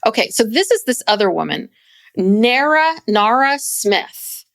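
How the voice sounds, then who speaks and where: Female podcast co-host, fry in the voice, lively chat, laughs and mimics. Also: on the high side, measured pace, no room sound, studio quality. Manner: animated, laughing, mimicking others. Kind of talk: casual chat.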